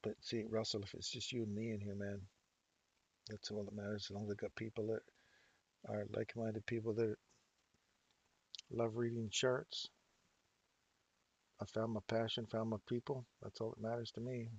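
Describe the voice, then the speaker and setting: A man's voice: fairly low pitch, little pitch movement, normal speed, long pauses, husky, dull audio. Chatty English-born man in his fifties. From England. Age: 50s. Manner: chatty, laughs often, talks to chat viewers by name. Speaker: livestream trading host. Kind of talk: casual live-stream chat while reading charts. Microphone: desk mic, moved close.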